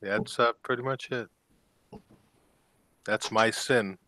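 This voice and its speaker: A man's voice: on the low side, fairly even intonation, takes it slowly, pushed and bright, dry recording, rough recording. A man in casual group chat, laid-back and self-mocking. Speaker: chat participant.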